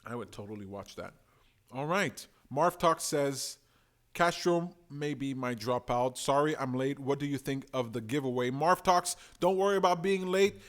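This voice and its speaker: Man, live stream host, slightly high voice, opinionated, animated, casual commentary. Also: moderate pace. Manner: opinionated, animated, talks to chat.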